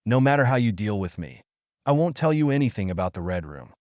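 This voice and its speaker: A man's voice: on the low side, very animated, fairly quick, a little mellow, dry recording, studio quality. A man reading a cold, defiant captive spy woman.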